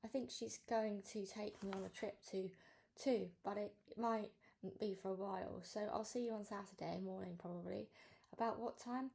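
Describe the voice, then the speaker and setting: A woman reading a children's novel aloud, narrating in the first person with an expressive, cheeky tone. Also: mid-range voice, moderate pace, gravelly. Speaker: storybook reader.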